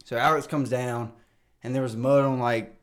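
A man telling a profane roommate story in casual chat, excitable and laughing often. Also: mid-range voice, moderate pace. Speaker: guest roommate.

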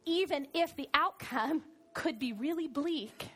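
High-voiced woman pastor preaching. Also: unhurried. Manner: animated storytelling, swings from soft to loud. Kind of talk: sermon.

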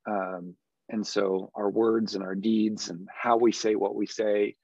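A man's voice: fairly low pitch, level tone, a little slow, vocal fry, darkish tone, breathy edge, no room sound, muffled recording. A man, a podcast guest and education consultant, explaining earnestly in a conversational interview. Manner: earnest, explanatory, demonstrates tones of voice.

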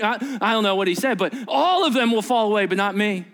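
A male pastor preaching a sermon in a conversational, animated way, acting out quoted voices and asking the listeners questions. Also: high voice, quick pace, few pauses. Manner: animated, acts out quoted voices with sudden rises; conversational, asks the congregation questions.

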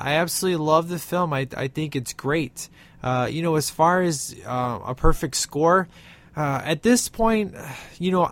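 A man giving a casual spoken film review, rambling with lots of "uh" and "you know" and quoting lines from the movie. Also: on the high side. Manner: rambling, many fillers, quotes lines from the film.

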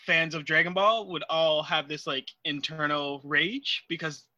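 A man co-hosting a casual podcast chat, animated and teasing, laughing often. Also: on the high side, a little slow, no room sound, highs cut off. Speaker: podcast co-host.

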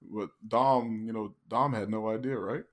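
A man's voice: lowish voice, fairly even intonation, unhurried. A man hosting a podcast, casually retelling a film's scenes and laughing often. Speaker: podcast host. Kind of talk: casual film recap chat.

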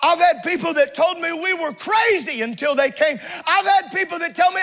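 A man pastor preaching a fiery sermon in a church, often shouting in a rhythmic preaching cadence. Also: extremely high pitch, animated, normal speed, few pauses. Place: church sanctuary with congregation.

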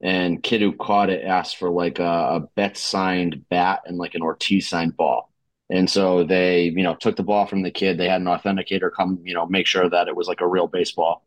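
A man's voice: low voice, little pitch movement, normal speed, no room sound. A man with a Boston accent hosting a sports podcast, telling rambling, profane stories in casual chat. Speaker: podcast host.

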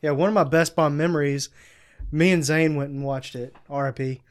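Podcast co-host, man with a slightly high voice, dry and blunt. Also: fairly even intonation, normal speed. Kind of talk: casual chat.

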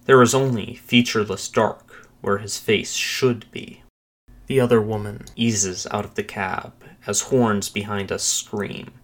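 A man with a fairly low voice reads a first-person thriller aloud, steady and measured. His delivery is deliberate and dramatic without rushing, keeping the tension in the telling. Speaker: narrator. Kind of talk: scripted narration of a first-person thriller story.

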